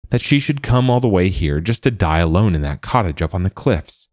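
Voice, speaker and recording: A man's voice: animated, a little fast, darkish tone, dry recording, clean studio sound. A man voicing a pompous, anxious middle-aged town mayor who speaks in a formal, self-important tone in a storybook reading. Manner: formal and pompous, raised pitch.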